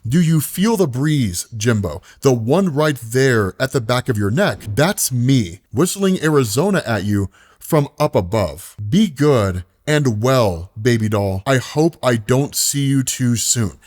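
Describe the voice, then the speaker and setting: Guy reading out a young woman's goodbye letter from beyond, slow and soft and wistful. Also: medium pitch, expressive. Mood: tender. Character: dead young woman writing a tender farewell letter.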